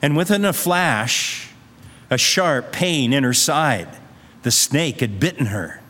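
A man's voice: on the high side, lively intonation, slow, fairly bright tone. A male pastor preaching a sermon in a conversational, earnest way, weaving in a story. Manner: conversational, earnest, uses fillers. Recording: long hall reverb.

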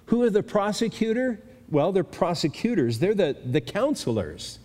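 An older male pastor teaching a Bible passage in a conversational sermon, pausing and restarting as he thinks aloud. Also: high-pitched, very animated, darkish tone. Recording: long reverb of a large hall.

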